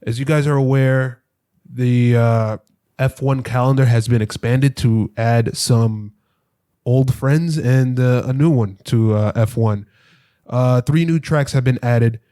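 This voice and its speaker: A man hosting a racing podcast, leading casual chat in a halting way with many fillers. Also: medium pitch, fairly even intonation, mellow, clean tone, no echo, studio quality.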